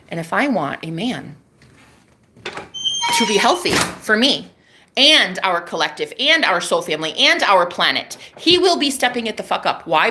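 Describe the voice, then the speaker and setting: A woman vlogger speaking to her audience in a loose, unscripted monologue. Her voice sits at an ordinary middle pitch, and her delivery is candid and emphatic, peppered with curse words. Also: very animated, measured pace, sharp tone. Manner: candid, profane, emphatic self-talk. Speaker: content creator. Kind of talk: casual vlog monologue.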